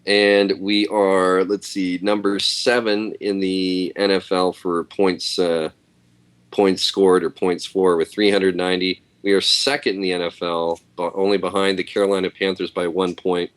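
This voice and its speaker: A man's voice: sits low, level tone, unhurried. A man on a fan podcast panel, steadily reading off sports stats with fillers. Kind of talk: casual chat.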